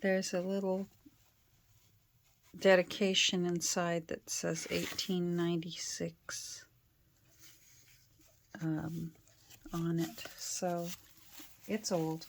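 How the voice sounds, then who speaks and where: A woman's voice: fairly low pitch, level tone, very slow, gravelly, pauses often, slight background noise. A middle-aged woman from Canada chatting casually with lots of fillers and restarts while she works on a craft project in her home studio. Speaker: craft vlogger.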